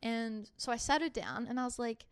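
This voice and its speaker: Young woman, Australian accent, podcast co-host, high-pitched, animated retelling, dry room. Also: fairly quick, clean tone, dry recording. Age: young adult. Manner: animated, acts out quoted dialogue in the telling. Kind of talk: casual storytelling chat.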